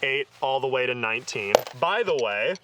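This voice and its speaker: The host of an off-road vehicle show goes through his tool kit in a casual, upbeat way, laughing often and using lots of fillers. His medium-pitched voice has lively intonation at normal speed, and the recording is very noisy.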